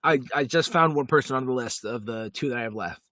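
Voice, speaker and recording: A man's voice: mid-range voice, quick pace, pushed and bright, dry recording. A man co-hosting a podcast, chatting casually and giving emphatic opinions. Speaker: podcast co-host. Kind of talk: casual chat.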